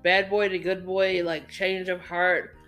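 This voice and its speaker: A woman co-hosting a casual movie review, chatty and expressive, laughing often. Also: fairly low pitch, a little slow, soft background music. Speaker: podcast co-host.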